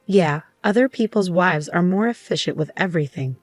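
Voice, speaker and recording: A woman's voice: lowish voice, lively intonation, normal speed, dry recording, soft background music. A woman voicing a lazy, dismissive husband in a storybook narration, speaking curtly. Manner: dismissive, curt.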